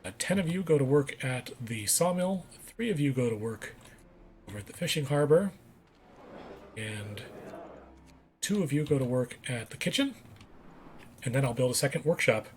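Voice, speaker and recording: A man's voice: mid-range voice, expressive, normal speed, pauses often, a little hiss or hum. A man doing casual gameplay commentary, reading on-screen text aloud and correcting himself as he goes. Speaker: let's play gamer.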